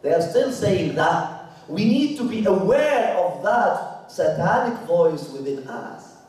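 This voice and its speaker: Guy preaching slow in a big echoey hall, mic kinda far, lots of repeating himself. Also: high-pitched, lively intonation. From Canada. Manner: emphatic, repeats phrases, swings from loud to hushed. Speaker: religious lecturer. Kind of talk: spiritual lecture. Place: lecture hall.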